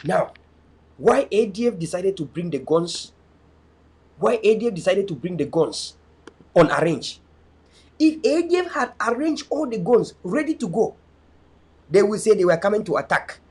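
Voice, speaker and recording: A man's voice: high voice, big pitch swings, normal speed, pauses often, a little mellow, slightly rough. A man, hosting an online show and giving an impassioned, pleading address with a preacher-like cadence.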